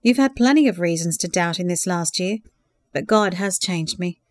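A woman voicing a gentle, tender young man who speaks warmly and asks curious questions. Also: lowish voice, animated, moderate pace, no echo, lightly acted.

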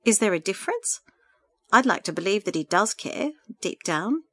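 A woman's voice: medium pitch, sing-song, moderate pace, fairly bright tone, no echo. A woman reading a story aloud, voicing a lonely grieving woman who talks through tears in anguish. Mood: dismal. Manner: tearful, anguished pleading.

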